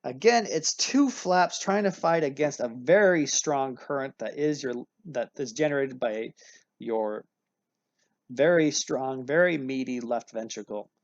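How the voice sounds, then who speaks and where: Speaking at medium pitch and an unhurried pace, a man delivers a recorded anatomy lecture. He stays casual and upbeat, frequently fixing his own sentences partway through and using analogies. The audio is dry and somewhat dull, with no room sound.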